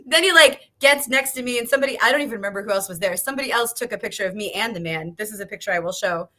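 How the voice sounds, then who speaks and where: A woman's voice: mid-range voice, rapid-fire, bright, forceful tone. A woman in her thirties, an author telling a story on a video call, laughing often and swearing as she acts out quotes. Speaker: author guest. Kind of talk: animated storytelling chat.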